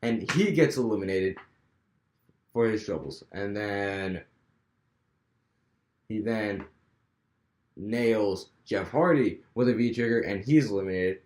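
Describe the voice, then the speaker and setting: A man's voice: fairly low pitch, slow pace, pauses often, a little mellow. A young man casually talking through his fantasy wrestling booking, rambling with many restarts. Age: young adult. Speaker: wrestling fan vlogger. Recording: echoey room.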